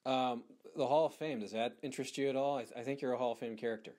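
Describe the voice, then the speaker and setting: A man's voice: medium pitch, fairly even intonation, fast, a little mellow. A man hosting a casual interview, asking friendly questions.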